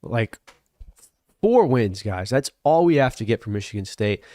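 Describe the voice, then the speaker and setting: A man's voice: on the low side, expressive, moderate pace, mellow, no room sound. A man co-hosting a casual sports talk show, confident and analytical. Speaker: co-host.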